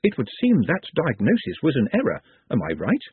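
A man's voice: medium pitch, wildly swooping pitch, fairly quick, slightly rough, no room sound, full character voice. A man voicing an odd, polite young man who speaks formally and precisely, like a mantra. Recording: tinny phone-like dry audio.

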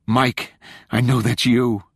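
A man's voice: mid-range voice, level tone, takes it slowly, vocal fry, breathy edge, no echo, studio quality, voice pushed up, heavily acted. A man doing a wry, sarcastic young woman. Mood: wry teasing. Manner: sarcastic, exasperated.

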